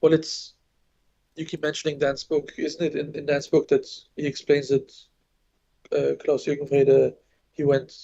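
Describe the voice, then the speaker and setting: A man with a French accent talks through a live board game match, loose and unhurried, often restarting his sentences. His voice is dark and gravelly with a flat, even pitch, and the recording sounds a little dull and lo-fi. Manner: relaxed, thinks aloud with restarts. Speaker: co-commentator.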